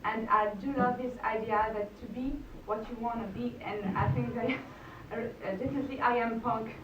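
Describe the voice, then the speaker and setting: French woman from the audience, halting question, high voice, echoey hall. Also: fairly even intonation. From France. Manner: hesitant, halting, laughs nervously. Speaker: audience member asking a question. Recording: distant echoey mic, muffled, noisy.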